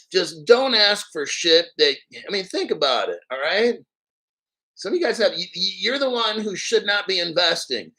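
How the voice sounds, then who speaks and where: A man hosting a crypto show, ranting in crude, profane, sarcastic commentary and reading articles aloud slowly. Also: on the high side, bright, forceful tone, rough recording. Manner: reads articles aloud slowly, mocks others in silly voices.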